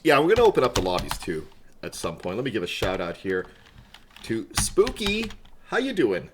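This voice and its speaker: A man's voice: on the low side, wildly swooping pitch, normal speed, noisy background. A man streaming a video game live, chatting casually with viewers from a room at home and yelping and laughing at sudden moments in play. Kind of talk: casual gameplay chat.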